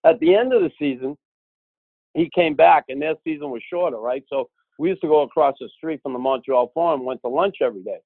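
Gravelly man telling a story over tinny audio. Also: fairly high pitch, fairly quick, dry recording. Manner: animated, acts out quoted voices. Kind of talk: casual storytelling.

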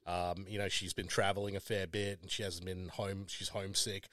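A man's voice: deep voice, little pitch movement, moderate pace, bright, forceful tone, slight background noise. A man telling a crude story in casual chat, swearing constantly and laughing a lot.

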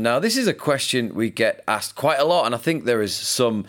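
A man's voice: mid-range voice, animated, moderate pace, fairly bright tone, soft background music. A man hosting a podcast, talking in a casual, conversational way and telling stories. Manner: conversational, anecdotal. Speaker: podcast host. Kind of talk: podcast discussion.

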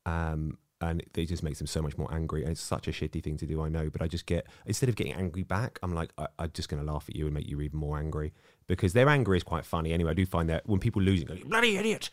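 Deep fast-talking man. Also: darkish tone, dry recording, clean studio sound. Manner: brisk, self-mocking storytelling. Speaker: podcast co-host. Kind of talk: casual chat.

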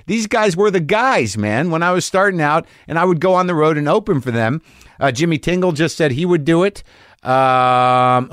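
A middle-aged man with an American accent and a mid-pitched voice, rambling wryly through a casual monologue. He swears freely and circles back on his own thoughts. The recording is dry and close, with no room sound. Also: dry recording. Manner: rambling, profane, wry. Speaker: podcast host.

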